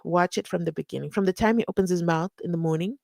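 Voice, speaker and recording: A woman's voice: on the low side, quick pace, vocal fry, a little mellow, no room sound. A woman hosts a casual live stream, chatting and reading viewer comments aloud with frequent laughs.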